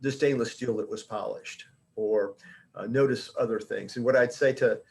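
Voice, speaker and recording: A middle-aged man with a mid-range voice presenting to his industry colleagues. He talks loosely and conversationally, often pausing on fillers and restarting his sentences. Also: medium pitch, steady tone, gravelly. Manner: addresses colleagues directly. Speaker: industry education director giving a talk. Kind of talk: informal presentation.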